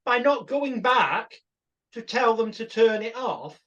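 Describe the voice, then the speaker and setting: A man's voice: very high voice, lively intonation, slow pace, a bit bright, dull audio. A man, a hypnosis instructor casually telling a rambling anecdote. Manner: rambling, self-interrupting storyteller.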